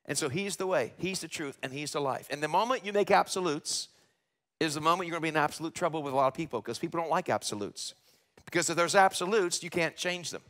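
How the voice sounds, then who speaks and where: A man preaching a sermon in a church, animated, acting out quoted questions in a rising voice. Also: a little high, fast. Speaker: pastor. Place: church sanctuary, live broadcast.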